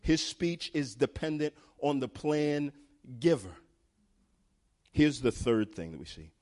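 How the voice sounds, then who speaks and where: A man's voice: on the high side, big pitch swings, slow pace, pauses often, darkish tone. A male pastor preaching a sermon in an emphatic way, building in intensity.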